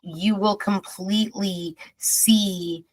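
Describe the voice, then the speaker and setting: A woman hosting a podcast in casual chat, talking in an emphatic, expressive way with drawn-out asides. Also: medium pitch, rough recording. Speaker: podcast host.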